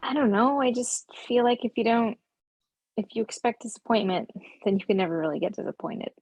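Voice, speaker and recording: A deadpan, skeptical teen girl, read by a woman in a fan script reading. The voice is slightly husky and close and dry on the mic, with flat, understated lines. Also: fairly high pitch, brisk, no room sound, poor audio.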